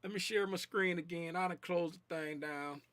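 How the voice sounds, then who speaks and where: A man's voice: high-pitched, moderate pace, fairly bright tone, dry recording. A man hosting a casual trading livestream, reading viewer comments in a loose, slangy way and repeating his phrases. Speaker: trading stream host.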